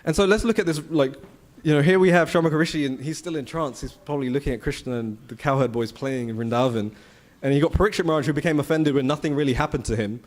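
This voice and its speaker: A man's voice: on the high side, fast, hardly any pauses. Man giving a casual scripture talk. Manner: conversational, animated storytelling with rhetorical questions. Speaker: temple speaker. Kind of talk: scripture class. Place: temple hall.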